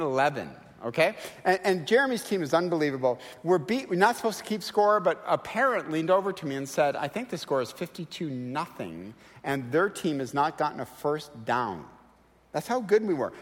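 A middle-aged man preaching a sermon, telling stories and acting out quoted voices in a lively, animated way. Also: high voice, in a large hall. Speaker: guest preacher. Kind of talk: sermon with storytelling. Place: church sanctuary.

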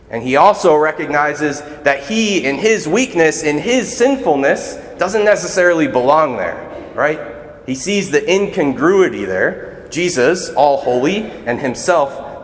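A man's voice: fairly high pitch, very animated, a little slow. A man serving as a deacon, giving a conversational, earnest sermon in a church. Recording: echoey church hall.

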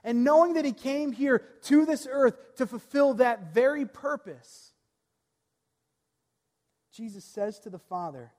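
High-voiced earnest male pastor preaching. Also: unhurried, pauses often, big-room sound. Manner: earnest, reads scripture aloud, drops soft at phrase ends. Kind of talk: sermon.

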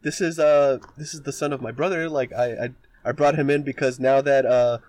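A man's voice: mid-range voice, steady tone, brisk, a little mellow, natural voice. A man voicing a bewildered, earnest middle-aged husband who pleads and fumbles for words. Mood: pleading.

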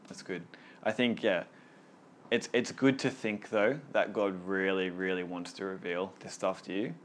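Guy with a lowish voice leading bible study, earnest, stumbles and repeats when excited, faint hiss behind. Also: normal speed. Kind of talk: casual group teaching.

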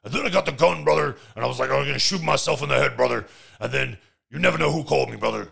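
A man putting on a loud, sad, washed-up male wrestler who shouts his lines. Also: medium pitch, fast, gravelly, slightly rough, pitched above the performer's own voice, heavily acted. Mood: hyped shouting. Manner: loud shouted catchphrase delivery.

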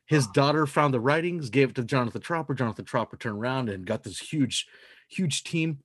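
Husky-voiced joking podcast host. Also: male voice, medium pitch, expressive, a little fast, dry recording. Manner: loose, profane, joking. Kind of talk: casual chat.

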